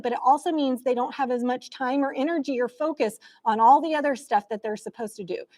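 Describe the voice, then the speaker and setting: A middle-aged woman therapist giving a presentation, animatedly retelling a session with a child and speaking straight to the audience. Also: a little high.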